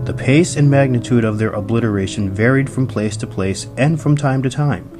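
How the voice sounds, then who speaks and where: A man's voice: mid-range voice, normal speed, darkish tone. Grave male documentary narrator. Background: music.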